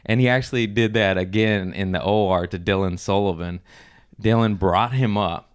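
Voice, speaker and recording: A man's voice: moderate pace, smooth. A young adult man, a comedian, telling stories in casual chat, swearing freely and acting out the people he talks about. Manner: animated storyteller who acts out others in high squeaky voices, swears often. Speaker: comedian, podcast guest.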